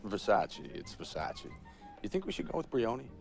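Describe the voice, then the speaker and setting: A man's voice: mid-range voice, sing-song, quick pace, gravelly, darkish tone, soft background music. A man playing a crude, blustering movie exec. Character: crude brash male movie executive. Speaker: film producer character. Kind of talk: film acting.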